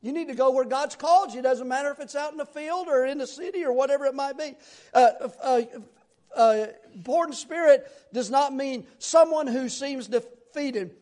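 High-voiced man preaching a folksy sermon. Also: moderate pace, a little mellow. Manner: conversational, folksy preaching with rhetorical questions.

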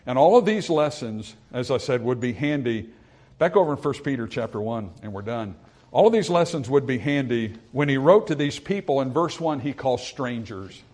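Earnest male preacher. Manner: earnest preaching, rising for emphasis, dropping low and quiet for reflection; reads scripture in old-style phrasing. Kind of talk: sermon.

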